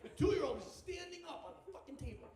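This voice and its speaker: A man doing a stand-up comedy set on a club stage, telling stories with animated, profane delivery. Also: very high voice, fast. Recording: echoey club, distant mic, audience laughter.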